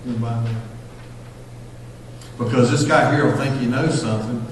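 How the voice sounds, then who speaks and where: Fast-talking Southern pastor in echoey hall. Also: male voice, medium pitch, steady tone, slight background noise. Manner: fast-talking, storytelling with acted-out voices. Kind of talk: sermon. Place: church sanctuary. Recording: echoey hall, far from mic.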